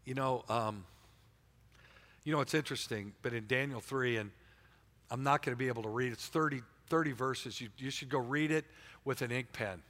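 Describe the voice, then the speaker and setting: A man's voice: mid-range voice, moderate pace, big-room sound. A man preaching a sermon in a church, talking casually and with energy, often repeating and restarting words. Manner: energetic, colloquial, repeats himself, stumbles over words. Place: church sanctuary.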